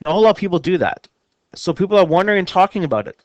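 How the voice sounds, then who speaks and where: A male teacher reading a novel aloud to his class. His narration is steady, with the odd small slip, in a voice slightly high for a man. The recording is close and dry. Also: rapid-fire, no echo, lo-fi sound.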